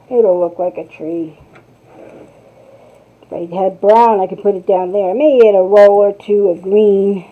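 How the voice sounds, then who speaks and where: A woman's voice: medium pitch, expressive, slow, long pauses. A middle-aged woman with a North New Jersey accent, chatting in a rambling way as she hosts a craft tutorial and speaks to viewers. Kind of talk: casual chat while crafting. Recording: tinny phone-like sound.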